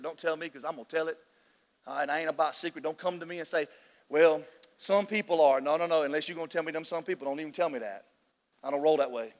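Excitable preacher man in a reverberant hall. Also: on the high side. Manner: emotional, excitable preaching with frequent restarts. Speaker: pastor. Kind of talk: sermon. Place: large church hall.

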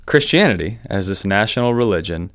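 Male co-host, deep voice, dead room, dry wit. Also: expressive, a little fast, a bit bright, no echo. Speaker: podcast co-host. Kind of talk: casual discussion.

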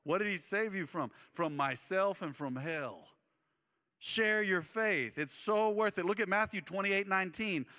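A male pastor preaching a sermon in a church, impassioned, moving between loud emphatic lines and quiet asides. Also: high voice, lively intonation, normal speed, hardly any pauses. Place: church sanctuary. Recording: long reverb of a church hall.

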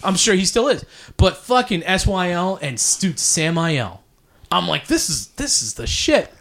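A man hosting a casual podcast chat, his voice a little higher than most and swinging widely in pitch. He rambles through a story full of curses and side tracks, stopping to say sorry for ranting. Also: normal speed. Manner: profane, rambling, animated, apologizes for ranting.

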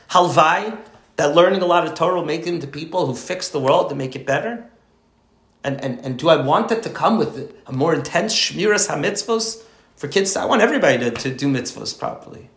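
A man's voice: fairly high pitch, gravelly, a bit bright. Man lecturing a group in an echoey room. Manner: rambling, restarts sentences, emphatic. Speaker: teacher leading a study group.

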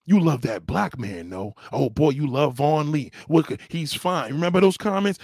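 Heated man ranting, husky voice. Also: fairly high pitch, expressive, moderate pace, hardly any pauses, a little mellow, no room sound, studio quality. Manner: heated, scolding, repetitive. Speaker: livestream host. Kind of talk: ranting commentary.

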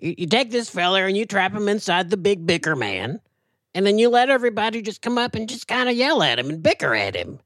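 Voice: mid-range voice, big pitch swings, brisk, a bit bright, no echo, studio quality. A performer voicing a folksy, gossipy talking possum in a comedy podcast sketch. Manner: folksy drawl, complaining storyteller.

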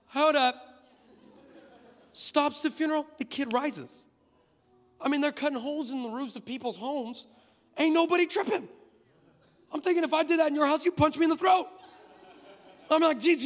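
A man with a high voice preaches a sermon and retells scripture with lively comic asides. His voice rings out with a long reverb, as if filling a large hall. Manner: animated storytelling with comic asides.

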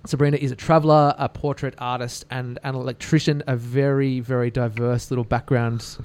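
A man's voice: medium pitch, flat delivery, fairly quick, darkish tone, clean tone. A man hosting a podcast from a radio studio on a studio mic, joking and poking fun at himself in casual chat. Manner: joking and self-mocking. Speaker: podcast host.

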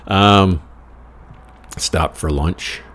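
A man's voice: low-pitched, very slow, a bit bright, a little hiss or hum. An American man telling a rambling travel story in a wry, profane, self-mocking way. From United States. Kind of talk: casual personal storytelling.

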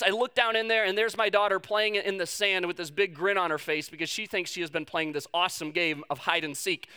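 A man's voice: high-pitched, pushed and bright, smooth. A man preaching a sermon, telling a personal story with self-mocking humor and acting out the quotes. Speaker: pastor.

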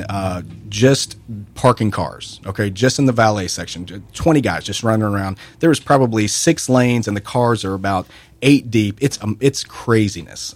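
Rambling man spinning a hotel anecdote. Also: fairly low pitch. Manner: rambling, animated anecdote with restarts. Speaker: radio show co-host telling a story. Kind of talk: casual radio banter, storytelling. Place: radio studio.

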